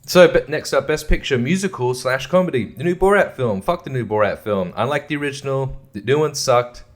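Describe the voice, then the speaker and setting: A man's voice: mid-range voice, fairly quick. A young man hosting a podcast, ranting casually about films in a profane, sarcastic way and laughing often. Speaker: podcast host. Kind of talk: casual rant.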